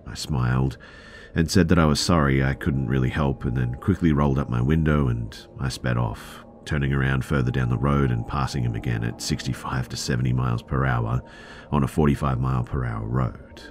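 A man with an extremely deep, low voice narrates a tense first-person story. His delivery is measured and steady, with a faint hiss beneath it.

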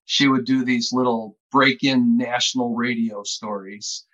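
Bright-voiced man telling stories. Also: medium pitch, steady tone, unhurried. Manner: chatty, laughs often while telling stories. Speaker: author and guest. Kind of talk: casual storytelling in an interview. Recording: dull lo-fi sound.

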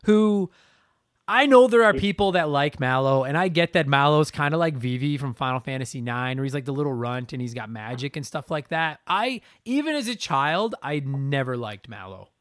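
A young man co-hosting a podcast, ranting in an animated, profane, casual way. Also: medium pitch, moderate pace, no room sound, studio quality. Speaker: podcast co-host. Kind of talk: casual chat.

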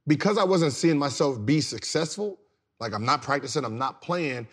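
A man in his thirties, a former pro basketball player, telling stories on a podcast in a casual, slangy way that turns loud and laughing. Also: a little high, moderate pace, husky. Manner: animated, slangy, repeats words, gets loud and laughs while telling stories. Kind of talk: casual storytelling.

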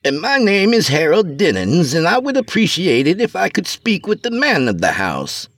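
A man's voice: high-pitched, huge pitch swings, moderate pace, dry recording, pitched above the performer's own voice, exaggerated voice. A man voicing a whining, pushy traveling salesman in a spoken story. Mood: ingratiating. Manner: whining, fussy and ingratiating.

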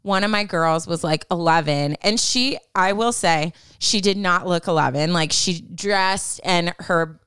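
A woman co-hosting a casual chat podcast tells her story with animation and acts out the lines of the people in it. Her voice is smooth and clear, and the sound is dry and close. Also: on the low side, a little slow, hardly any pauses, fairly bright tone, dry recording. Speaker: podcast co-host.

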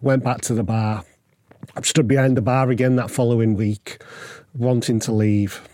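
A man's voice: medium pitch, normal speed, no echo. Man telling a story. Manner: animated, acts out quoted voices. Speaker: guest. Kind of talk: conversational storytelling.

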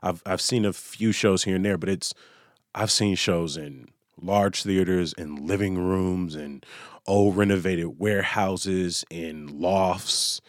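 Relaxed low-voiced man. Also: slow pace, dry recording, clean studio sound. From South Side of Chicago. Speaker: podcast host. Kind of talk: casual chat.

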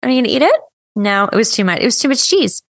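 A woman's voice: a little high, sing-song, fast, gravelly, fairly bright tone. A woman co-hosting a podcast in casual chat, tired but friendly and easygoing, close on a microphone. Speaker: podcast co-host. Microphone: close studio microphone.

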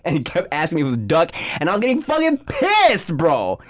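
Animated laughing man telling stories. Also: fairly high pitch, normal speed. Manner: animated, profane, laughing storyteller. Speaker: podcast co-host. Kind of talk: casual storytelling chat.

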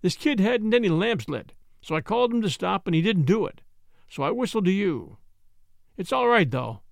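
A hoarse, suspicious beat cop who barks his questions in a loud, raised, rasping voice, as a male narrator puts him on. He sounds gruff and unconvinced, and the recording is dry and close. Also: high-pitched, big pitch swings, moderate pace, no room sound, full character voice. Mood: grudging. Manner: barking, demanding. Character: hoarse, suspicious city policeman on night patrol. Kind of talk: audiobook character voice.

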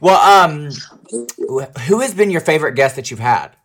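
A man's voice: on the high side, lively intonation, moderate pace, fairly bright tone. A man hosting a casual podcast chat, teasing and slangy, with many fillers. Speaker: podcast host.

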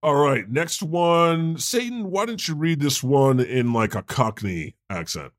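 A man playing God as a lively podcast host. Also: fairly high pitch, no room sound, clean studio sound. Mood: chatty. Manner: conversational, quick to laugh, animated. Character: God, a chatty male deity hosting a podcast. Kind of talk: improvised comedy podcast.

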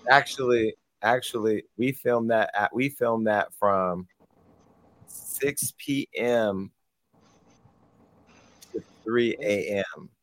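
A man's voice: fairly low pitch, slow pace, pauses often, a bit bright. A man hosting a talk show, chatting casually and rambling, with many fillers and restarts. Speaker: show host.

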